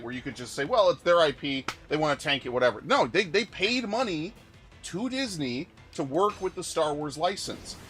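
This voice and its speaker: A male gaming streamer with a somewhat higher voice goes on an exasperated rant, swearing freely as he talks. Faint game music sits underneath him. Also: fairly bright tone. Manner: profane, exasperated ranting. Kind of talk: ranting commentary during a game stream.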